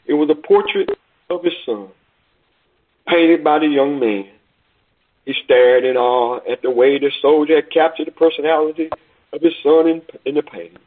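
A man preaching, telling a story in a deliberate, dramatic sermon style. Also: a little high, breathy edge. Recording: tinny phone-like recording.

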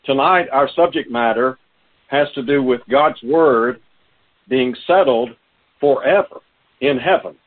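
A man preaching a sermon, his voice raspy from a cold, quoting scripture in a measured way. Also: mid-range voice. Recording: tinny phone-line audio.

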